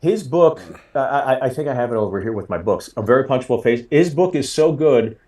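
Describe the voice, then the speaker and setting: A comedian in his forties telling a story in casual chat, getting loud and high when he acts out quotes. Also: animated, fairly quick. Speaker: comedian guest.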